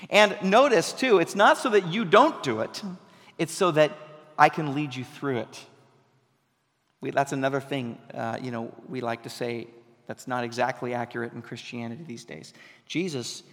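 A man's voice: mid-range voice, normal speed, fairly bright tone. A man preaching a sermon as pastor, talking conversationally and then rising into emphatic bursts. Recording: long hall reverb.

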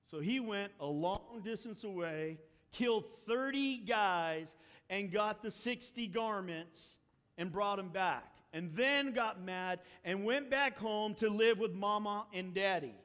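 A man's voice: high voice, takes it slowly, a bit bright, long reverb tail. A man preaching a sermon, retelling a story with acted-out quotes and wry asides.

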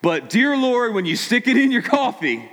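A man's voice: very high-pitched, big pitch swings, moderate pace, fairly bright tone. A man preaching a casual sermon, telling stories with a sarcastic streak and acting out quotes. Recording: long hall reverb.

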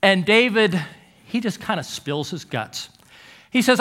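A middle-aged man preaching, his voice high and bright as he leans into each story. He swings his pitch widely, pausing for effect and pressing hard on key words. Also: expressive. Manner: storytelling, emphatic with dramatic pauses. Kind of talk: sermon.

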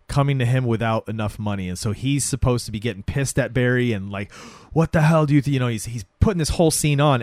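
A man's voice: medium pitch, no echo. A man in casual chat, recapping a TV episode and acting out the characters' lines along the way. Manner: animated retelling with acted quotes.

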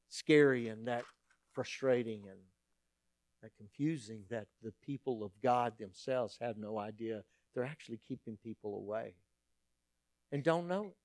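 A middle-aged man, preaching a sermon as a pastor and telling stories in an animated, humorous way. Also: medium pitch, dry recording, studio quality.

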